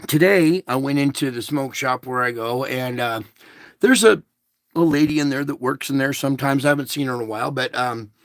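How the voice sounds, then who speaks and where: Gravelly fifties man ranting to viewers. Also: mid-range voice, a bit bright, dry recording. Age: 50s. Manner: emphatic, ranting, addresses listeners with "okay?". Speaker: vlogger. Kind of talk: rambling monologue to viewers.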